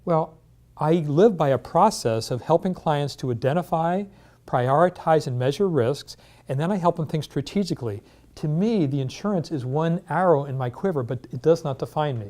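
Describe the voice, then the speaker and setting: A man leading a workshop presentation in a meeting room, energetic, asking rhetorical questions and telling stories. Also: a little high, normal speed. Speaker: insurance industry trainer.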